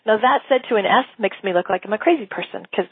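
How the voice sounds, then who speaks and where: A woman business coach teaching in a casual, animated way, often acting out quoted dialogue and laughing. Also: mid-range voice, quick pace, breathy edge, no room sound. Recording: tinny phone-like sound.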